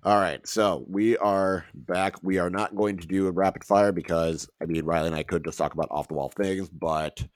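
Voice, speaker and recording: A man co-hosting a podcast, talking loosely and laughing often. His voice sits very low. The sound is dry and close, with no room in it. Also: fairly even intonation, moderate pace, hardly any pauses, no room sound. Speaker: podcast co-host. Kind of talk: casual chat.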